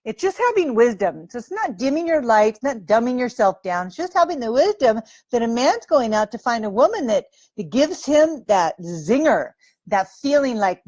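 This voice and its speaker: A woman's voice: on the high side, sing-song, moderate pace, a little mellow, dry recording. A woman dating coach giving advice straight to camera in a breezy, playful way, acting out sample lines.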